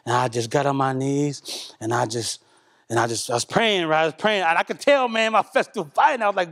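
During a church service, a congregation member tells of a personal spiritual experience in an emotional testimony, his medium-pitched, fairly bright voice moving a little fast. He sounds earnest and conversational, repeating himself and often saying "man."

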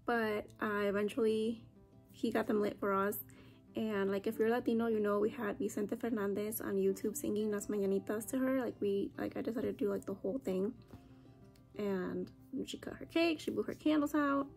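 A woman's voice: mid-range voice, steady tone, normal speed, creaky, a little mellow, soft background music. A young woman chatting casually to the camera at home, saying "like" a lot. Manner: chatty, says "like" often. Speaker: vlogger. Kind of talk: casual vlog chat. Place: at home after a family visit.

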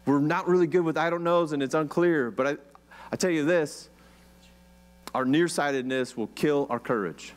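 Chatty, joking pastor preaching to church. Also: male voice, on the high side, normal speed. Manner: chatty and joking, with lots of "like" and rhetorical questions. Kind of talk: casual sermon.

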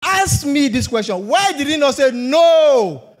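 A man's voice: very high-pitched, big pitch swings, normal speed. A man preaching a sermon, emphatic, asking rhetorical questions and repeating phrases for effect.

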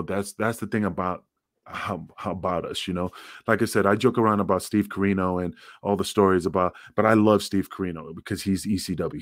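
A man's voice: low-pitched, no echo, clean studio sound. A middle-aged man, a former wrestler, telling rambling, profane stories in a casual interview. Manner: rambling, profane, acts out quotes.

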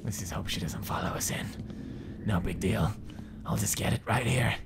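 A man's voice: lowish voice, normal speed, vocal fry, background noise. A young man in his twenties giving jumpy, swearing commentary while playing a horror game. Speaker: gamer commentator.

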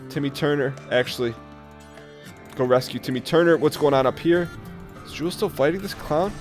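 A man doing let's play commentary on a colony game, talking to his colonists and jumping between rattled bursts and low mutters, with keyboard clicks behind. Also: a little fast, pauses often, soft background music. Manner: jumpy, talks to his colonists, spikes loud when tense.

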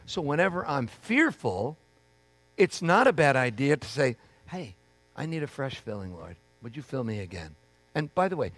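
A man's voice: a little high, no room sound. A man preaching a sermon as pastor, in a conversational way, acting out the voices of people he quotes.

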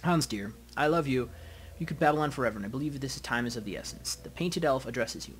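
A man's voice: medium pitch, animated, fast talker, faint music behind, lightly acted. Harlequin, a man reading an ancient flippant elf.

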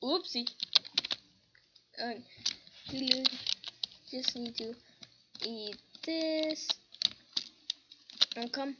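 A woman's voice: high voice, extremely slow, pauses often, heavy background noise. A woman giving casual gameplay commentary, humming little sing-song tunes as she plays. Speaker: gamer. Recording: lo-fi with loud keyboard typing.

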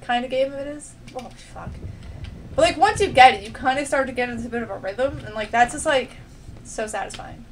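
A woman's voice: on the high side, brisk, slight background noise. A young woman commentating her own gameplay, talking to herself, swearing and getting frustrated. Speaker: gaming let's play host. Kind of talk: let's play commentary.

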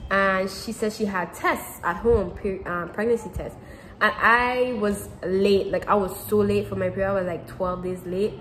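A teenage girl talks casually to camera, circling back and repeating herself with plenty of fillers. Her pitch sits in the middle range, and a faint hum of background noise runs under the recording. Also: fairly even intonation, moderate pace, a bit bright, low-quality recording. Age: teens. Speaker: vlogger.

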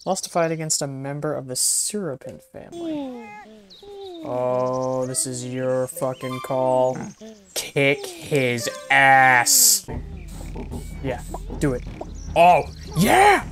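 A young woman giving casual gameplay commentary, swearing often and yelling at the game. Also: a bass voice, animated, slow, pauses often, faint music behind. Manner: swears a lot, yells at the game. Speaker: gaming video creator.

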